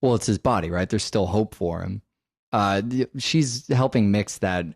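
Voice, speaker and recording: A man's voice: on the low side, moderate pace, dry recording, clean studio sound. A man co-hosting a podcast, chatting casually about horror films and thinking aloud with many fillers. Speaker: podcast co-host. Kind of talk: casual film discussion.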